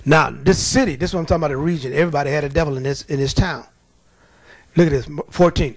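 A male preacher delivering a lively, folksy sermon, telling stories with laughter and reading scripture slowly. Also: on the high side, no echo. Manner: animated, folksy, laughing at his own stories; reads scripture slowly and deliberately.

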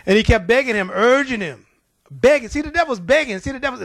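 Male preacher, high voice, lively storytelling, dry close sound. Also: quick pace, no room sound. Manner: animated storytelling with acted-out voices. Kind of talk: sermon.

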